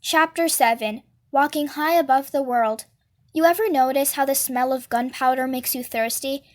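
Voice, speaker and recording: A woman reading a novel aloud in a lively first-person narration. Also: sits high, normal speed. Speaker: storybook reader.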